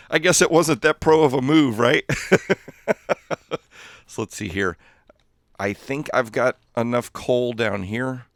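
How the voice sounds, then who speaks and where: A man's voice: on the low side, dry recording. A man chatting casually while livestreaming a game, rambling and easily distracted, often laughing at his own jokes. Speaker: gaming livestreamer.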